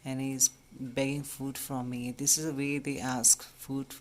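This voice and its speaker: A man, a bird rescuer, speaking softly and soothingly to an injured baby bird while explaining its care. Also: mid-range voice, little pitch movement, unhurried. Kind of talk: casual vlog narration. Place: at home, indoors. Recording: noisy home recording.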